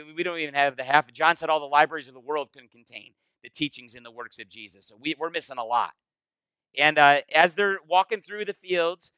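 Pastor, male, chatty and animated teaching voice, dry close sound. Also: on the high side, smooth, no echo, poor audio. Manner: animated, conversational, acts out quoted voices. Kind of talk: casual Bible-study sermon.

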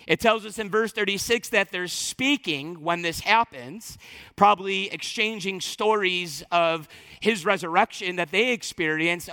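A man preaching a sermon as pastor, animated and emphatic, acting out quoted speech. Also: sits high, normal speed, long reverb tail.

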